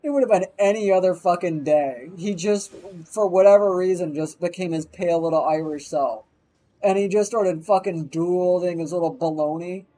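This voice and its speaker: A man's voice: high voice, moderate pace, rough recording. Profane man telling a story. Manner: profane, animated anecdote telling. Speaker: streamer. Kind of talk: casual storytelling.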